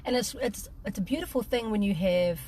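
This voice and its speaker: A woman's voice: medium pitch, a little fast, a little hiss or hum. A woman from New Zealand with a New Zealand accent, hosting a casual interview and showering her guest with praise. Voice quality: warm and encouraging, effusive praise. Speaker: show host.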